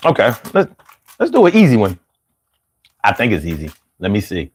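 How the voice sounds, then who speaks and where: A man's voice: lowish voice, moderate pace, slightly rough. A man with a Philadelphia accent hosting a casual live stream, talking loosely and drawing his words out when he jokes. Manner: loose and animated, drawls words out when joking.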